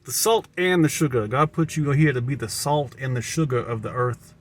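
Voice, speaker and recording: A man's voice: mid-range voice, normal speed. Rambling Southern American man. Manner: musing, repeats and restarts words. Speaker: vlogger. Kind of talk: rambling stream-of-consciousness monologue.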